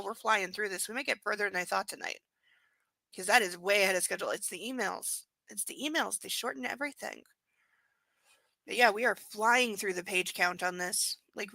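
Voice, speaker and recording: A woman hosting a book club stream, chatting and reading aloud with animated asides. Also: medium pitch, vocal fry, no room sound. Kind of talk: casual chat and reading aloud.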